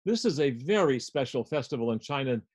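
A man's voice: medium pitch, lively intonation, fairly quick, darkish tone, slightly rough. An older man lecturing on music, explaining a score step by step as he guides listeners through it.

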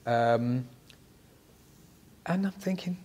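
A musician and actor from Manchester, England, tells animated stories in a relaxed interview, swearing freely and trailing off softly at times. His mid-Atlantic accent blends Mancunian and American, and at medium pitch he draws out his words.

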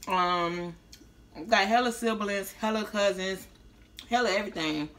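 A Tampa, Florida vlogger in her 30s chats loosely and slangily with viewers during a mukbang, chewing between lines. Her bright, forceful voice has a middle pitch and measured pace, slightly slurred from a recent orthodontist visit.

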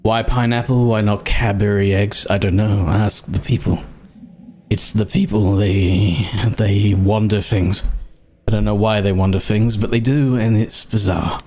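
A British man giving casual, excitable gameplay commentary, sarcastic and quick to swear. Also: lowish voice, slight background noise. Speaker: gaming streamer.

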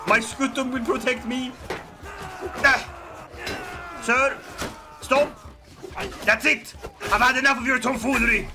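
High-voiced man hamming up game commentary. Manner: theatrical, shouts mock battle orders, giggles. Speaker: gaming YouTuber. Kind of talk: playful let's-play commentary. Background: game music.

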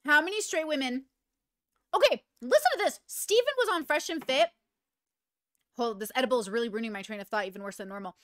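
A woman hosting casual reaction commentary, thinking aloud in an animated, swearing way. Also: fairly high pitch, no echo, studio quality. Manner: animated, swearing, thinking aloud, pausing to clear her throat. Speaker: commentary host reacting to a video.

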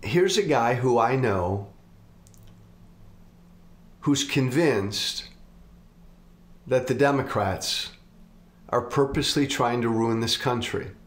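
A middle-aged man and show host speaking in an earnest, confessional monologue, slow and deliberate. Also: medium pitch, lively intonation. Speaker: political commentator, host. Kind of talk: reflective monologue. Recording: roomy echo.

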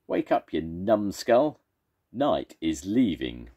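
An older man voicing a grumpy, quarrelsome male monster in a children's storybook, shouting insults and fuming. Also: rumbling low, wildly swooping pitch, measured pace, slightly rough, dull audio, exaggerated voice. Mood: angry shouting.

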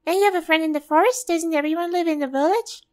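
Paimon, a woman squeaking as a tiny fairy. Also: quick pace. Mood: chirpy. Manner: speaks of herself in the third person, bubbly. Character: tiny chirpy female fairy companion. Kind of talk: fan voice-over of game dialogue. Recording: faint music behind.

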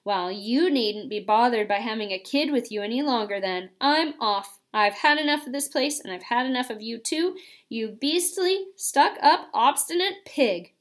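A woman reading aloud, voicing a sensible but quick-tempered young girl in a storybook with a sharp, cross manner. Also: on the high side, very animated. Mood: angry.

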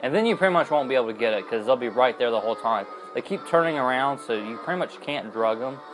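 A man's voice: mid-range voice, animated, fast, music in the background, poor audio. Young man rambling over gameplay. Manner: rambling and chatty, with many fillers and self-corrections. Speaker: gaming video host. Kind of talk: casual let's-play commentary.

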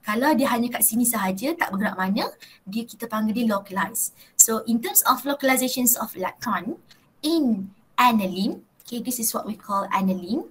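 Malaysian woman teaching chemistry, breathy. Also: on the high side, animated, brisk, a bit bright, poor audio. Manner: mixes Malay and English, checks in with students often. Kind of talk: live online class lecture.

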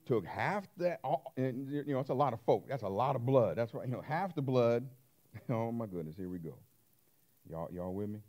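Animated preacher man, lively pitch. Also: moderate pace. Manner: animated, swings from loud to hushed, call-and-response questions. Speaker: pastor. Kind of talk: sermon.

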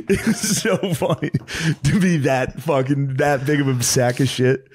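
A man's voice: medium pitch, steady tone, quick pace, darkish tone, no echo. A young man co-hosting a casual podcast, throwing in joking remarks and laughing through his own stories. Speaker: podcast co-host. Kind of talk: casual chat.

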